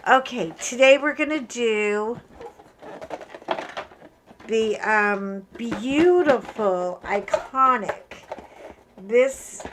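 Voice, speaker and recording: A middle-aged woman from Ireland chatting casually while she unboxes a craft kit, rambling through stories and asides. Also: fairly high pitch. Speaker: craft vlogger.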